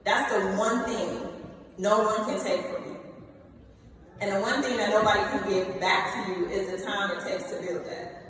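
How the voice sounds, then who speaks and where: A woman's voice: mid-range voice, normal speed. Echoey woman giving a commencement speech. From Ohio, US. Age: late 20s. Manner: lively, addresses the students directly with "y'all" and "okay?". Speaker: commencement speaker. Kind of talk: motivational speech. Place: large hall. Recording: echoey hall, heard from a distance.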